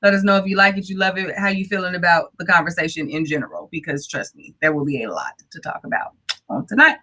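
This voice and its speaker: Bright-voiced woman co-hosting a live show. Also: fairly low pitch, quick pace. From Oakland, California. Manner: chatty, playful, direct address to viewers. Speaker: co-host. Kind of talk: casual live-stream chat.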